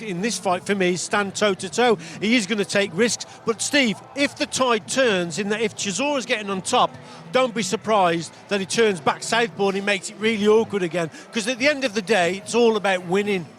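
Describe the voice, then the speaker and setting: A man's voice: high voice, a little fast, a bit bright, a little hiss or hum. A man giving emphatic boxing opinions in a casual studio chat. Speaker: boxing pundit. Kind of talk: casual sports talk.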